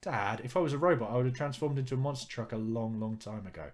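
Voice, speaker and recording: A sulky, hurt teenage girl, as a gruff-voiced man reads her in a barely raised pitch. She asks wounded questions in a rough, plain voice. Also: fast talker, slight background noise, close to an everyday voice. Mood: dry.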